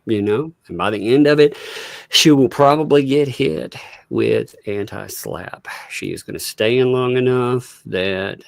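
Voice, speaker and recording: A man's voice: mid-range voice, measured pace, gravelly, no echo. A man hosting a live stream, chatting casually with lots of fillers and frequent laughter. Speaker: livestream host.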